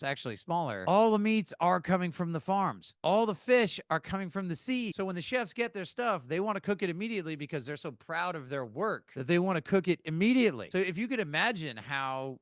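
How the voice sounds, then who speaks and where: A man's voice: sits high, no room sound, studio quality. An American man hosting a podcast, giving chatty, emphatic advice with frequent asides. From United States. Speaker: podcast host. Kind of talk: casual podcast monologue.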